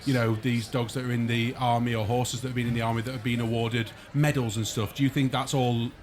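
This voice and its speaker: A man speaks at an ordinary mid pitch as he co-hosts a relaxed podcast among old friends. He teases the others and moves the talk along in a plain, chatty way. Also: a little fast. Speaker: podcast co-host.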